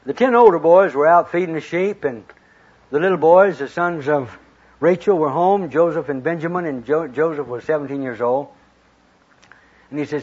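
A man's voice: fairly high pitch, moderate pace, darkish tone, slightly rough. A man preaching a sermon, retelling scripture stories in a folksy, plain-spoken way and acting out the quoted lines. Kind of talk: storytelling sermon. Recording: dull lo-fi recording.

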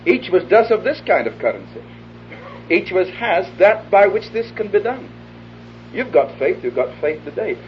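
A man preaching an evangelistic sermon to a live gathering, his voice sitting slightly high. He talks earnestly, acts out little exchanges, and sinks to a close hush when he makes his appeal. The recording is a dull, lo-fi old tape with a faint hiss underneath. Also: sing-song, moderate pace. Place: hall before a live audience.

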